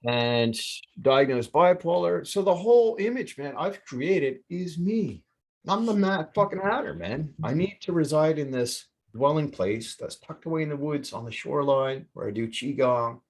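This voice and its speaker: A man hosting a podcast, telling a rambling story in casual chat with heavy swearing and lots of excitement. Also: fairly high pitch, moderate pace. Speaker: podcast host. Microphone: remote call setup.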